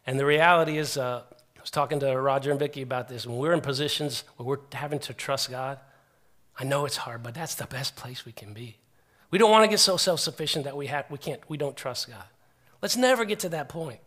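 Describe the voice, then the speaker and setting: Speaking at a slightly quick clip in a medium pitch, this middle-aged preacher gives an earnest, lively sermon. He keeps starting over as he recounts stories.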